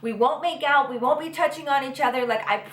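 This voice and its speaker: A woman's voice: high voice, fairly quick, a bit bright, roomy sound. A woman voicing her young female best friend, coaxing and pleading.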